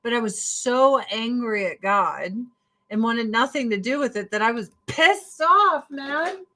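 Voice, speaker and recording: A woman's voice: a little high, lively intonation, unhurried, pushed and bright. A woman from the United States ranting casually to her livestream viewers in a blunt, profane way, jumping from one topic to the next. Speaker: livestream host.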